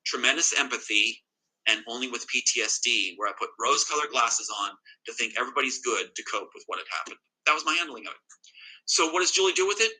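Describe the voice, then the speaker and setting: A man's voice: medium pitch, lively intonation, quick pace, bright, forceful tone, breathy edge, poor audio. A man telling an interviewer an emotional personal account, agitated and emphatic, often repeating himself. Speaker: interview guest.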